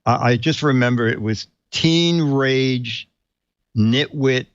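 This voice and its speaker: A man hosting an interview, chatty and quick to answer with short agreements. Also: medium pitch, no room sound. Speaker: host. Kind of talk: casual interview chat. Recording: dull lo-fi recording.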